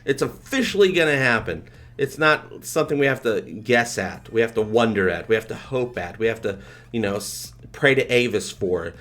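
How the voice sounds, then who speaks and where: A man hosting a live stream, chatting casually and excitedly, rambling and thanking his viewers. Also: mid-range voice, normal speed. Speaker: livestream host.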